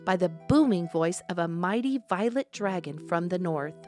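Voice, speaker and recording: A woman's voice: on the low side, expressive, moderate pace, a little mellow, faint music behind. Woman narrating a fantasy storybook.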